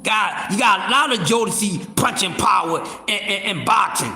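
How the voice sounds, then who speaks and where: Man, high bright voice, profane, loud, roomy echo. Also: moderate pace, creaky, soft background music. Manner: loud, profane, animated, with repeated fillers and restarts. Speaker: boxing livestream host. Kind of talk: casual boxing talk.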